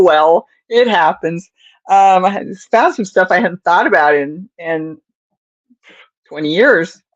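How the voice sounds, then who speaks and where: A woman's voice: fairly low pitch, no echo, muffled recording. An older woman hosting a crochet livestream, chatting in a rambling, casual way to viewers and often chuckling. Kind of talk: casual chat while crocheting.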